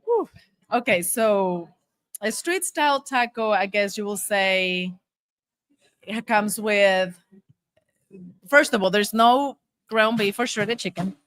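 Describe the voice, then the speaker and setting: A woman's voice: medium pitch, animated, slow pace, pauses often, fairly bright tone, no room sound. A woman restaurant owner being interviewed, friendly and polite, answering with "yes, sir.". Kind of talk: interview conversation.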